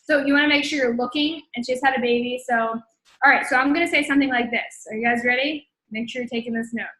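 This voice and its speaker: A woman's voice: high voice, steady tone, quick pace, pushed and bright, echoey room, poor audio. A young woman hosting a casual coaching talk, using slang and thinking aloud as she dictates a message while typing. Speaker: host coaching sellers. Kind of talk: casual instructional live talk.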